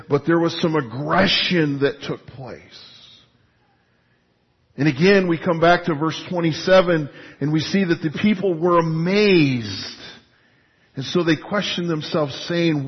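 A pastor preaching a sermon in an animated, emphatic, conversational way with frequent restarts. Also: male voice, fairly high pitch, measured pace, breathy edge. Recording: dull lo-fi recording.

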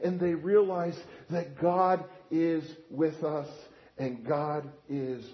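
A man preaching a sermon as pastor, asking rhetorical questions and swinging between quiet and loud. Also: a little high, takes it slowly, dull audio. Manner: lively, rhetorical questions, animated swings in volume.

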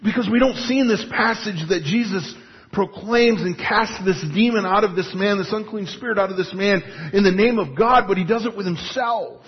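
A pastor preaching a sermon in an animated, emphatic, conversational way with frequent restarts. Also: male voice, sits high, moderate pace, breathy edge. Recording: dull lo-fi recording.

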